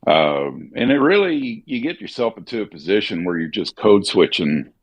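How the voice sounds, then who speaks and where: A man from Missouri with a slightly Southern accent, an actor and voiceover artist chatting casually, relaxed and musing with lots of fillers. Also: sits low, normal speed, gravelly. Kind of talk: casual chat during a gaming stream.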